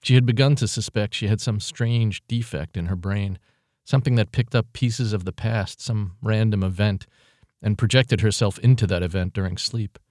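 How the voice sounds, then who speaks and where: A man narrating a story in a steady, measured reading. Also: lowish voice, dry recording, clean studio sound. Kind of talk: audiobook narration.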